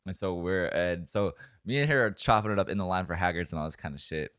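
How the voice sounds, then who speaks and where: A man's voice: sits low, fast talker, a bit bright, dry recording, clean studio sound. A young man co-hosting a podcast, telling a long story in a rambling, profane, casual way full of fillers. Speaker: podcast co-host.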